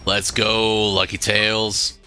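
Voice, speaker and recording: A man giving casual, relaxed commentary while he plays a video game. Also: fairly low pitch, soft background music. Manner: slow, relaxed, chatty. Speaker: gameplay host.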